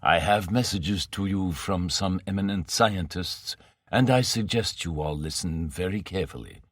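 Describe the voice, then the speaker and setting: A man reading the part of a smooth, educated male villain with a non-American English accent, speaking calmly and with measured menace. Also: low-pitched, dry recording, studio quality. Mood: coolly threatening.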